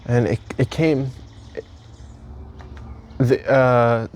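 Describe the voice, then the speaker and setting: A man's voice: medium pitch, fairly even intonation, very slow, a little mellow, slight background noise. A young man from the United States telling a breakup story to camera in casual chat, candid and rambling, swearing freely and mocking himself.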